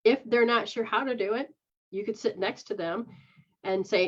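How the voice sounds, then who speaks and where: A woman's voice: mid-range voice, moderate pace, highs cut off. A woman who is a psychic medium, giving rambling live readings in a frank manner, sometimes swearing and acting out the voices she quotes.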